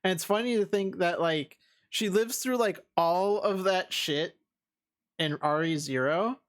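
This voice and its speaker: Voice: mid-range voice, measured pace. Young rambling streamer. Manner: rambling, laughing, heavy use of filler words. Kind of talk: casual let's-play commentary.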